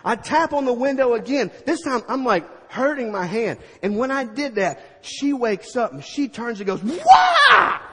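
A middle-aged man preaching, telling a story to a crowd with animated sound effects and a husky voice. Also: extremely high pitch, moderate pace, few pauses, in a large hall, background noise. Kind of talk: storytelling sermon.

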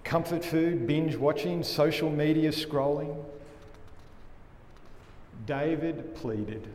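Slow, earnest preacher in an echoey hall. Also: male voice, on the high side, darkish tone. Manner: earnest, emphatic preaching with dramatic drops in volume. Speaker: pastor. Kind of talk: sermon. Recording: echoey hall with faint room noise.

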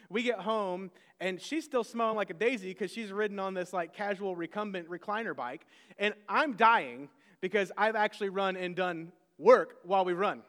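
A man's voice: high-pitched, fairly bright tone, in a large hall. A man, a pastor, preaching a sermon conversationally, with self-deprecating asides to the congregation.

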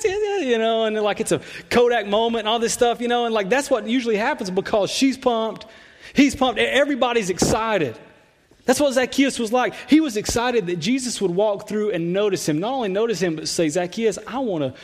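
High-voiced pastor preaching casually. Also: male voice. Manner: conversational preaching with frequent "like" and repeated words. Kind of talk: sermon. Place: church sanctuary.

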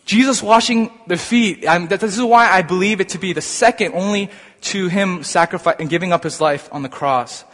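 A man preaching a sermon, explaining scripture in an animated way that builds to excited emphasis. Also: high voice, brisk. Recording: long hall reverb.

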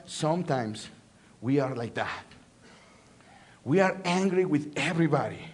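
A pastor preaching a sermon, telling a story with lots of animation, swinging from loud emphasis to hushed lines and repeating phrases for effect. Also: male voice, high voice.

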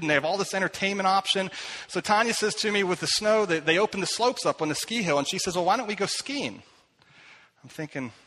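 Middle-aged male pastor, bright tenor, self-deprecating storyteller, long church reverb. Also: high-pitched. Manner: self-deprecating storytelling, many fillers and restarts. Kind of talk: sermon with personal stories. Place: church hall.

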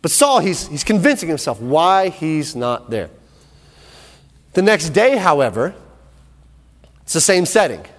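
A man preaching a sermon in animated storytelling style, often repeating words, in an echoey hall. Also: fairly high pitch, measured pace, pauses often.

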